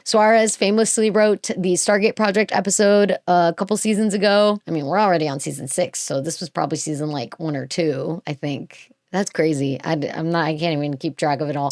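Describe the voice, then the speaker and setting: A woman's voice: lowish voice, fairly quick, few pauses, no room sound, clean studio sound. A woman hosting a podcast in casual chat, gushing and rambling, often restarting her sentences. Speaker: podcast host.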